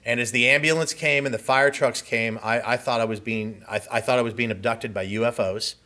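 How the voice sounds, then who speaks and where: Guy telling his own story at a conference, earnest and vivid, pretty bright tense tone. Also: mid-range voice, fairly even intonation, brisk. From Southern California. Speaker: conference speaker. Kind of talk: personal testimony speech. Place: conference hall.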